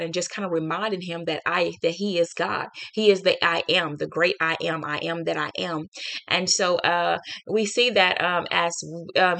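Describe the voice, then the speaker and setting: A woman's voice: fairly low pitch, fairly bright tone. A woman hosting a devotional podcast, speaking heartfelt and unscripted, with many fillers and restarts as she reflects on scripture. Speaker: podcast host. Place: home studio.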